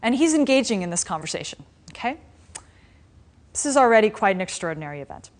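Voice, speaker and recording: A woman spiritual teacher giving a dharma class, retelling a story in a conversational, animated way with frequent restarts. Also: mid-range voice, fast. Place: class in a meditation center.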